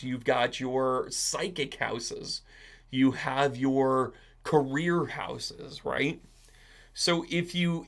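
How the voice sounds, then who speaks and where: A chatty man hosting an astrology and tarot live stream. His voice has a gravelly, rough edge, and he keeps a medium pitch. He rambles from topic to topic, answers viewers by name, and tags his points with "right?". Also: fairly bright tone. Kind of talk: casual live-stream chat.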